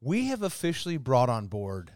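A man's voice: mid-range voice, wildly swooping pitch, moderate pace, a little mellow, no echo, studio quality. A man hosting a podcast, telling trip stories with fillers and enthusiasm. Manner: enthusiastic storyteller, frequent fillers. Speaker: podcast host. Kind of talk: casual chat.

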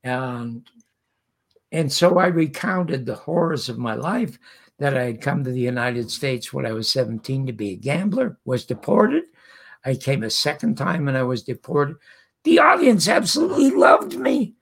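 A man's voice: medium pitch, moderate pace, gravelly. An older man from Canada, an interview guest telling a long anecdote and acting out the voices of the people in it. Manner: lively storyteller who acts out quoted voices. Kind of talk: anecdotal storytelling.

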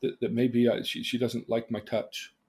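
A man's voice: mid-range voice, level tone, normal speed, mellow, breathy edge. A man teaching about emotional independence by telling theatrical stories, exclaiming and then questioning his listener. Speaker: therapist and teacher. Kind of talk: animated storytelling lesson.

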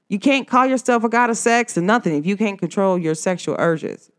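A woman hosting her own podcast, talking casually and a bit like a preacher to her listeners, with speech patterns. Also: medium pitch. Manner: preachy, informal, addresses listeners as y'all. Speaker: podcast host. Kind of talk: casual motivational podcast talk.

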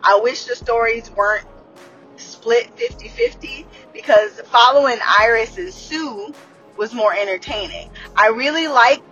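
A woman in her late thirties talks through a TV episode in a loose, profane way, laughing often and circling back on her sentences. Her voice sits a little high for a woman. The audio is slightly dull and lo-fi, with faint music underneath. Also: very animated, measured pace, a bit bright. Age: late 30s. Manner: candid and profane, laughs often, trailing restarts. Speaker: TV episode reviewer. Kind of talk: casual unscripted recap.

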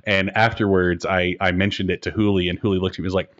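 A low, deep-voiced man speaks as a game master in an easygoing podcast chat. He is self-deprecating and candid. The recording sounds dull and a little lo-fi. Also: little pitch movement, fast, a bit bright. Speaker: game master and host of a broadcast tabletop game show. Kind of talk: relaxed podcast conversation.

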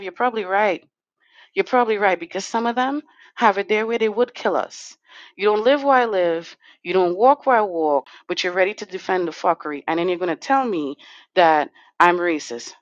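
A woman's voice: mid-range voice, normal speed, dry recording, dull audio. A woman delivering an impassioned, confrontational podcast monologue as an organizer. She is blunt, swears freely and speaks straight to her listeners. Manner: talks straight to the chat audience. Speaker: podcast co-host and community organizer.

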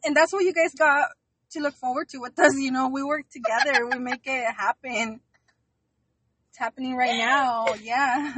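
A woman's voice: high-pitched, steady tone, normal speed, fairly bright tone, husky, no room sound, low-quality recording. A woman in her thirties co-hosting a podcast in casual chat, laid-back and dropping in Spanish phrases. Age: 30s. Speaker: podcast co-host.

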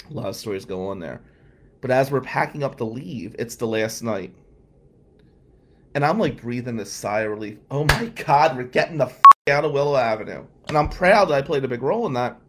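A man telling a personal story in a candid, emotional way, with sighs along the way. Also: mid-range voice. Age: adult, past law school. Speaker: storyteller recounting his past.

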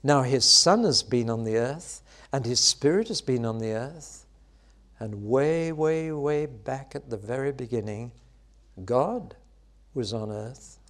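A man delivers a sermon with great expression, rising to loud, high-pitched exclamations before falling back into soft, hushed lines. He takes his time throughout.

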